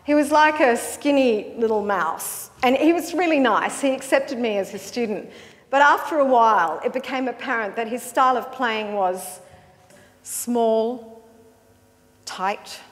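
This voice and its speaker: An Australian woman narrates a personal story in a wry, amused manner, her voice bright and high-pitched. A long reverb tail lingers after her words, like a large hall. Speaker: flautist narrator.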